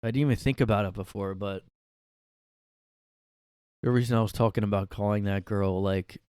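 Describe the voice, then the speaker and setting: Low-voiced rambling young man. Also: steady tone, brisk, a little mellow, clear, resonant tone, no echo, clean studio sound. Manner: rambling, crude joking. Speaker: podcast host. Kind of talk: solo casual comedic talk.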